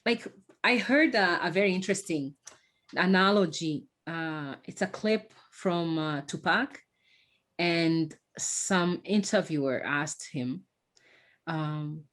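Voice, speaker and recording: A woman hosting a podcast, talking in a casual, halting way with many fillers and restarts. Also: lowish voice, fairly bright tone. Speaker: podcast host. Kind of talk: casual conversation.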